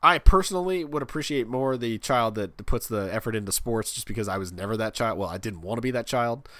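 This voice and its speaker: A man's voice: medium pitch, a little fast, pushed and bright, no echo. A man co-hosting a casual comedy podcast, riffing playfully and jumping into silly bits. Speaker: podcast co-host.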